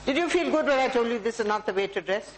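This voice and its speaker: A woman's voice: a little high, lively intonation, fast, slight background noise, rough recording. A woman with an Indian English accent giving a motivational talk to a live audience, speaking directly to listeners and calling on them by name. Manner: warm, direct, addresses audience members by name.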